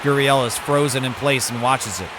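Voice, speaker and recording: A man's voice: mid-range voice, moderate pace, background noise. A man commentating his own video game baseball season, switching between broadcaster-style calls and muttered asides. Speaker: gaming YouTuber.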